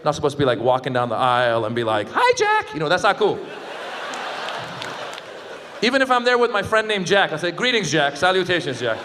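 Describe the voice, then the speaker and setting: A man from the Middle East doing a stand-up comedy set on stage, animated and quick to slip into exaggerated voices. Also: fairly high pitch, background noise. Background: audience laughter.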